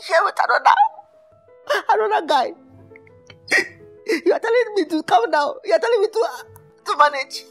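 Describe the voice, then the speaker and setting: A man's voice: very high-pitched, normal speed, long pauses, heavily acted. A heartbroken young musician with a Nigerian accent. He wails and complains in a voice that swoops wildly. Faint music runs under the scene. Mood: indignant. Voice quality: excitable, wailing, melodramatic. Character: heartbroken young male musician, dramatic and whiny. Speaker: actor. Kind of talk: Nollywood film acting. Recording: light background music.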